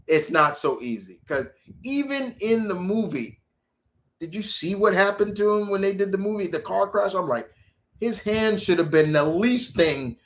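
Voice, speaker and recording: A man's voice: fairly high pitch, fairly bright tone. A man hosting a live stream, ranting casually about comic heroes and answering viewer questions, restarting his sentences and swearing freely.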